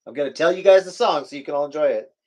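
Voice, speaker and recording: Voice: mid-range voice, rapid-fire, darkish tone. A co-host from the US West Coast in a casual live chat from home, playful and joking. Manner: playful, jokey, reads lyrics aloud.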